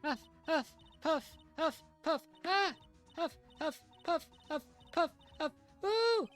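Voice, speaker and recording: A woman's voice: high-pitched, expressive, measured pace, a bit bright, voice pushed up. A woman voicing a cranky, breathless old woman who huffs and puffs between stammered words. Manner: wheezy huffing and puffing between stammered words. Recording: faint music underneath.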